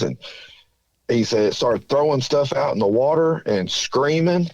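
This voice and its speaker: A man's voice: medium pitch, lively intonation, a little slow, gravelly, darkish tone, dry recording, dull audio. A man from southern Indiana calling in, telling a story in a rambling, folksy way with lots of fillers. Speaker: caller. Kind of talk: casual storytelling.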